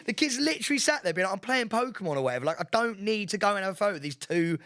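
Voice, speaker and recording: A man, co-hosting a podcast, animated and laughing often. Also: sits high, rapid-fire, dry recording, studio quality. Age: 30s. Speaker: podcast co-host. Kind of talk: casual chat.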